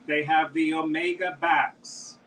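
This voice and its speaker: A man runs a live-stream jewelry auction, talking slowly through each piece and calling the bids in a chatty way. His voice is bright and slightly high. He sits a little away from the mic, with a faint hiss in the background. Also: little pitch movement, recorded from a distance, rough recording. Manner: chatty, calls bids and describes items. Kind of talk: live auction selling chat.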